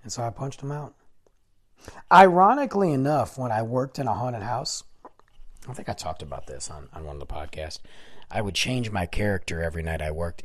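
A man in his forties, a podcast host, telling a personal story in an animated way and acting out the voices. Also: on the low side. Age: 40s. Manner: animated, acts out every voice.

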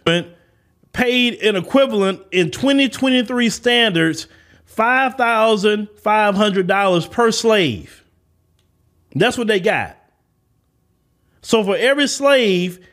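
A man's voice: very high-pitched, fairly bright tone. A man hosting a podcast, giving an emphatic opinion monologue and hammering home his points with blunt repetition. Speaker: podcast host.

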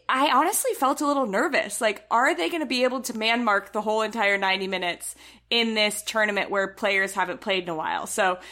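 A woman co-hosting a casual soccer podcast, chatty and animated, with fillers and a dry, sarcastic streak. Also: mid-range voice. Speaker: podcast co-host.

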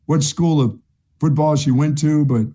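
A man's voice: on the high side, moderate pace, warm tone. A middle-aged man co-hosting a sports talk show, telling a long story in a chatty way, repeating himself and laughing at his own tale. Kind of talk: casual sports chat, storytelling.

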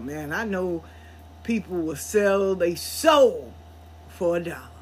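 A woman hosting a podcast, telling a story in a blunt, profane, animated way. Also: lowish voice, slow, slight background noise. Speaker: podcast host. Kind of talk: casual storytelling monologue.

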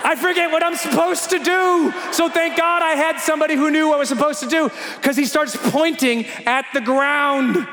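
Man, very high voice, animated storyteller, acts out scenes with shouts, big roomy hall reverb. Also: moderate pace, hardly any pauses, noisy background. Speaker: motivational speaker. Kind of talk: animated storytelling talk to an audience.

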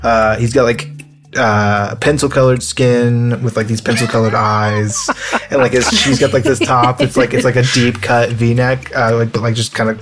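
A man's voice: medium pitch, steady tone, normal speed, over music. Laid-back man running a goblin game. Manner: rambling, many fillers, laughing. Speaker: game runner reading the rules. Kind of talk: casual tabletop role-play chat.

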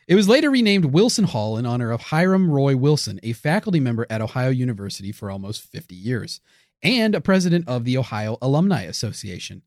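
Male co-host, wry deadpan asides, animated pitch, dry recording. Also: fairly quick, no echo. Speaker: podcast co-host. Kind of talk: comedic paranormal podcast chat.

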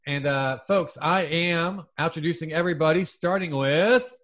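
A man's voice: on the high side, moderate pace, a bit bright. Playful man hosting a comedy podcast. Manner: playful, showy, hammy. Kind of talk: comedy podcast banter, doing mock accents.

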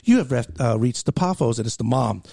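A man on a podcast telling a story in casual chat, animated and laughing, swearing often and stammering through restarts. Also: mid-range voice, a little fast, gravelly, dry recording, clean studio sound.

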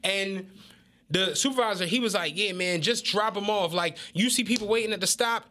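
A young man from co-hosting a podcast, telling animated, profane stories in casual chat. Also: sits high, moderate pace. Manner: animated, profane storytelling with acted-out quotes. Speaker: podcast co-host.

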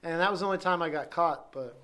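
Bright-voiced young man telling a story. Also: on the high side, fast, clear, resonant tone. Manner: chatty, laughs through stories. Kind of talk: casual chat, storytelling.

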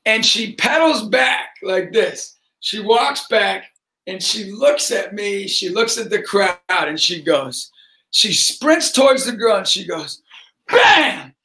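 A middle-aged man, a motivational speaker and basketball coach, telling a story with lots of energy and acting out the voices of the people in it. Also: high-pitched. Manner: acts out voices in his stories, shouting and laughing. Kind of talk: animated storytelling.

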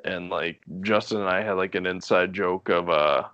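A man in his twenties, a podcast guest, telling stories in a relaxed, rambling way with frequent laughs. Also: deep voice, moderate pace, smooth, no echo, dull audio. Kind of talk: casual storytelling chat.

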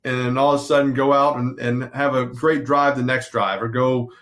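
A man's voice: medium pitch, fairly even intonation, moderate pace, a bit bright. A man in his forties, a retired quarterback, talking casually in an interview, rambling with many fillers and restarts. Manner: rambling, self-correcting, lots of fillers.

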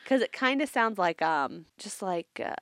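A woman's voice: mid-range voice, expressive, moderate pace, fairly bright tone, no echo, studio quality. A woman telling a story in a rambling, casual podcast chat, laughing often. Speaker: podcast co-host.

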